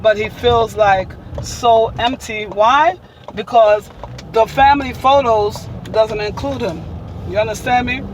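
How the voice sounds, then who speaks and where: A woman's voice: a little high, a little slow, a little hiss or hum, rough recording. A woman hosting a casual vlog, talking emphatically and preaching, repeating her points. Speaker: vlogger.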